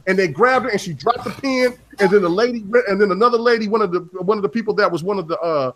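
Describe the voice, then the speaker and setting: A man from Oklahoma hosting a gaming podcast, telling stories in a rambling, animated way with plenty of swearing. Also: high-pitched, fast, few pauses. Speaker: podcast host. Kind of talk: casual chat.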